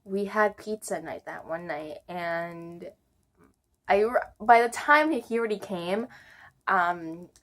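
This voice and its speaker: A woman's voice: on the low side, slow pace, a bit bright. A young woman telling an old personal story in a casual vlog, chatty and giggly, with lots of "like" and "um". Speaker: vlogger.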